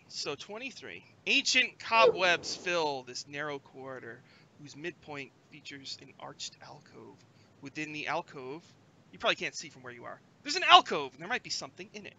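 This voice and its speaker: Bright-voiced man running the game. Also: a little high, normal speed, creaky, a little hiss or hum, poor audio. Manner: animated, acts out creatures with shouts. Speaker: game master. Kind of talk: narrating a tabletop game.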